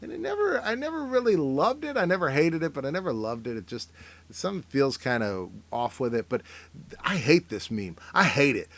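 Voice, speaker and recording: A middle-aged man riffing casually on memes, rambling and wry, filling pauses with "uh" and sometimes slipping into mock voices. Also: on the high side, big pitch swings, a bit bright, no room sound. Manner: rambling, wry, self-interrupting with fillers; mock voices for people he quotes. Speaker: comedian reacting to memes. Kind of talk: casual comic commentary.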